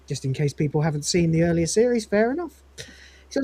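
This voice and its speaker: A woman co-hosting a fan podcast, casually retelling scenes and quoting characters' lines with lively mimicry and frequent laughter. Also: lowish voice, fairly quick, dry recording. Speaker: podcast co-host reviewing episodes.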